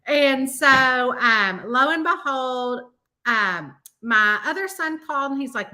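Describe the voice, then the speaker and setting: Middle-aged woman, Southern US accent, high voice, very bright tone, chatty storytelling, acts out quotes. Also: animated, unhurried. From American South. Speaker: host. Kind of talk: casual chat.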